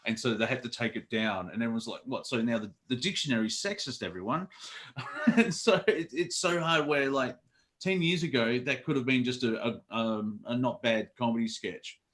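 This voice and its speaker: A man's voice: mid-range voice, expressive, normal speed, a bit bright. Man, chatty guest, giggly storyteller, loose rambling delivery. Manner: rambling, laughs often, trails off mid-sentence. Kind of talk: casual chat.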